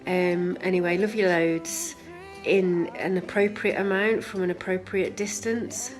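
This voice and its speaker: A woman's voice: fairly low pitch, fairly even intonation, a little slow, soft background music. A woman recording a birthday video message in a dry, teasing way.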